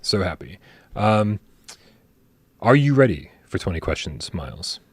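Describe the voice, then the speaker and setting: A man with a slightly low voice hosts a casual live stream. He chats and jokes as he reads viewer tips aloud. The sound is dry and close. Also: big pitch swings, unhurried, breathy edge, dry recording. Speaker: podcast host.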